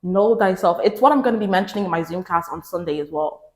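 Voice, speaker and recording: A woman talks fast to the camera in an echoey room, giving emphatic, preachy relationship advice. She repeats lines for stress and mimics other people in a raised pitch.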